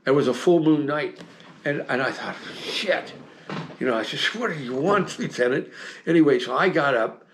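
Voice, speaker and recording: A man's voice: medium pitch, expressive, a little fast, slight background noise. An American man in his seventies, telling old stories as an interview guest. He rambles, circles back with fillers and restarts, and chuckles as he goes. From United States. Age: 70s. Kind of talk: casual storytelling interview.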